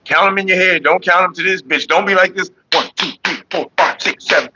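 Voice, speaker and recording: Joking, laughing man, bright lo-fi voice. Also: high voice, fairly quick, husky, no room sound. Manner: joking, laughing often, rapping along. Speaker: vlogger. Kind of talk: casual rambling monologue.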